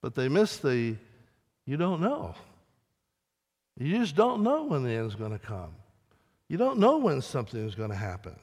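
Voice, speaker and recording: A man's voice: medium pitch, wildly swooping pitch, unhurried, pauses often, slightly rough. Emphatic preacher man in echoing hall. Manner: emphatic preaching with dramatic rises and soft drops. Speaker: pastor. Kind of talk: sermon. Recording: long reverb of a large hall.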